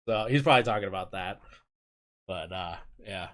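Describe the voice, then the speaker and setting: A man's voice: mid-range voice, fairly quick, fairly bright tone. Young man, livestream host, casual rambling chat, frequent laughs, desk mic at home. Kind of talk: casual chat with stream viewers.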